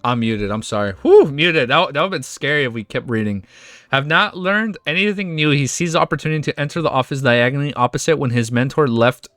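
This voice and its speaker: A man reading a web novel aloud on stream, breaking off into excited, profane reactions and laughter. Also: medium pitch, brisk, dry recording, soft background music.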